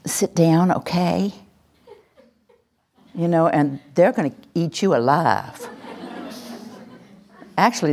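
A woman teaching a workshop to an audience, animated and acting out example voices. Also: deep voice. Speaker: teacher trainer.

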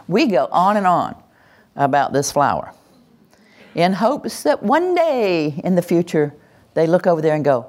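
A woman teaching about praising children, animated and playful, acting out parents' baby talk and scolding in her examples. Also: fairly low pitch, a little slow. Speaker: parenting educator. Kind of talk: lively talk to an audience.

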